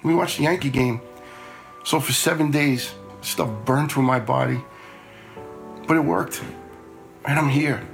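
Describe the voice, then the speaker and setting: Middle-aged male storyteller, gravelly and plain-spoken, earnest, sometimes repeats himself. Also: mid-range voice, steady tone, unhurried, pauses often, over music. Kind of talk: personal storytelling.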